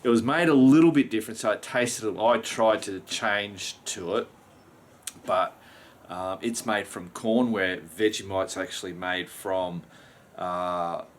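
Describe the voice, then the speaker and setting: Aussie bloke rambling to his vlog camera, lowish voice, faint background hum. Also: fairly even intonation, unhurried. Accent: Australian. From Australia. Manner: rambling, frequent mild swearing. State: just woken up. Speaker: vlogger. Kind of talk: casual chat to camera.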